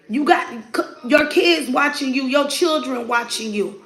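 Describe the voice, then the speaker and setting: A woman's voice: high-pitched, measured pace, a bit bright, roomy sound. A woman sharing a personal faith testimony in an earnest, preacher-like cadence, quoting scripture and laughing often as she talks. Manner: laughs often while speaking. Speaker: mother sharing her testimony.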